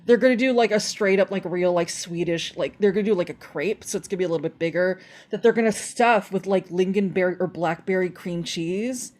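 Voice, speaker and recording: A woman guest on a podcast, telling animated stories in casual chat and filling her talk with "like". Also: fairly low pitch, fairly quick, hardly any pauses. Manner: animated storytelling, lots of "like".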